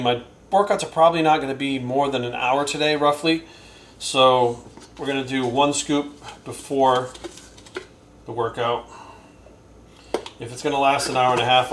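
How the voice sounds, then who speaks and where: Young male vlogger, casual and cussing, average pitch, faint background hiss. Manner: profane and excitable, talks baby talk to his dog. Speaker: bodybuilding coach and vlogger. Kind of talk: casual vlog chat.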